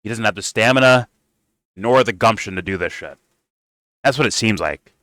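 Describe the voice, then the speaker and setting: A man's voice: on the low side, animated, moderate pace, a bit bright, no room sound, rough recording. A man giving heated, profane commentary while reacting to political clips.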